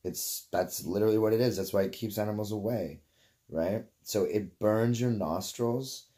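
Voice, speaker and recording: Canadian guy rambling thru a story, swears a lot, lowish voice, keeps going off on tangents. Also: moderate pace, warm tone. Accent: Canadian English. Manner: swears freely, drifts off on tangents, laughs mid-story. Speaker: vlogger.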